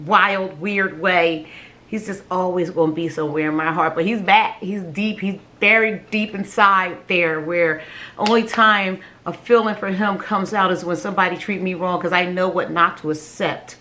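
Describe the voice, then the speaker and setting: A woman's voice: on the low side, steady tone, bright, forceful tone, a little hiss or hum. Emotional woman telling a personal story. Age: adult with children. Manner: emotional, halting, repeats words, laughs between phrases. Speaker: vlogger sharing a personal story.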